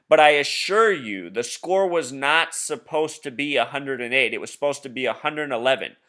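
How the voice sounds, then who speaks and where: This man's mid-range voice sounds pushed and bright as he chats over a screen share. A video blogger, he presses his theories conspiratorially and addresses the viewer as "Truth Seeker."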